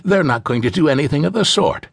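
A man voicing a gentle, toothless old man in a fantasy audiobook, reassuring frightened children. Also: fairly high pitch, lively intonation, quick pace, vocal fry, no room sound, pitched above the performer's own voice. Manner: gentle, reassuring, sometimes hissing.

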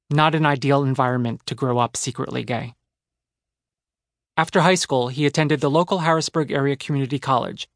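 A man's voice: medium pitch, no room sound, studio quality. Wry man narrating his memoir. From New Jersey. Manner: wry, conversational storytelling. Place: dry recording booth. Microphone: close studio mic.

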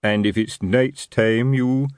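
A man's voice: fairly low pitch, fairly even intonation, slow pace, darkish tone, clean tone, dry recording, studio quality. A man playing a middle-aged city watch sergeant who talks expansively and self-importantly in a working-class way.

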